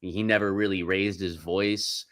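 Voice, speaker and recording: A man's voice: low voice, level tone, a little slow, a bit bright, no room sound. A man on a podcast, rambling through profane, restart-filled stories as a Marine veteran in casual chat.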